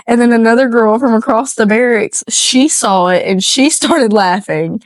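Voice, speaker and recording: A woman's voice: a little high, measured pace, few pauses, no room sound. A woman co-hosting a casual podcast, telling rambling stories with lots of laughter and casual swearing. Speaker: podcast co-host.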